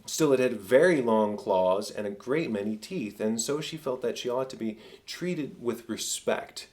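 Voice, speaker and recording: A man narrating an audiobook of a classic tale, with a measured storytelling delivery. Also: medium pitch, lively intonation, darkish tone. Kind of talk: scripted narration.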